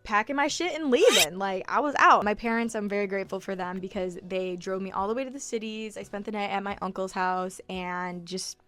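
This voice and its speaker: Emotional and sometimes near tears, this early-twenties travel vlogger shares her story in a confessional, chatty way laced with "like" fillers and casual swearing. Her medium-pitched voice is fairly bright, fairly quick and hardly pauses.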